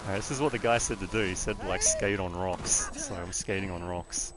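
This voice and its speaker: A low-voiced man with an Australian accent talks fast while livestreaming a game. He chats casually through the gameplay and rambles into rants.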